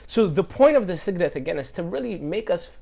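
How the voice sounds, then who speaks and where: A preacher with a high voice delivers a casual devotional sermon a little fast, his pitch swinging widely. He's earnest and conversational, leans on fillers, lets a gravelly fry creep into phrase endings, and sometimes drops to a hush.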